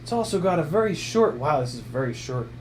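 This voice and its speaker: A man playing a clueless, oblivious gadget reviewer who talks about a product in a silly, mock-naive way. He sounds like he knows nothing and takes things at face value. His voice sits a little high for a man. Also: big pitch swings, a little fast, a little hiss or hum.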